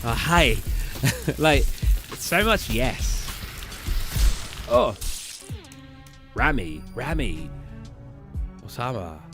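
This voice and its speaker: A young British man talks over a live game stream in a loose, rambling way, stumbling and restarting as he chats. His voice sits at an ordinary middle pitch, with faint music playing underneath. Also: wildly swooping pitch, extremely slow, creaky, long pauses. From Britain. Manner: rambling, chatty, stumbles over place names. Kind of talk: casual chat while live gaming.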